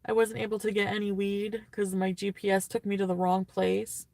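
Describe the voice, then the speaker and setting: A woman's voice: medium pitch, monotone, normal speed, creaky, a little mellow, dry recording. A young woman vlogging, tearful and rambling as she vents, full of fillers and sighs. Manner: rambling, filler-heavy, sighing and venting. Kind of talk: rambling casual vlog talk.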